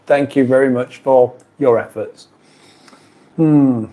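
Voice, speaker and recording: A man's voice: mid-range voice, takes it slowly, warm tone. A British man hosting a casual live stream from a kitchen, chatting in a rambling way and reading out viewer comments. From United Kingdom.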